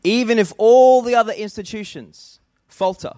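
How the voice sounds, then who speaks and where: Australian male pastor, emphatic sermon delivery, higher-pitched voice, dry close sound. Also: normal speed, dark tone, dry recording. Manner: emphatic, building lists for effect.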